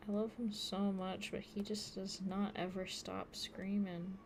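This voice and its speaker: A woman streaming her drawing from home, chatting casually to herself with soft laughs and cooing baby talk to her cat. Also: mid-range voice, level tone, unhurried, vocal fry, few pauses, slight background noise. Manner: rambling self-talk with frequent soft laughs. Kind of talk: casual chat while drawing.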